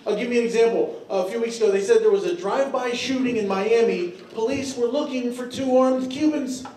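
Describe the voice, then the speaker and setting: Male stand-up comic, high voice, drawling storyteller, on stage in an echoey club, miked from a distance. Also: brisk, darkish tone, slight background noise. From Tennessee. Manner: drawling storyteller with frequent fillers. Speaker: stand-up comedian. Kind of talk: stand-up comedy set.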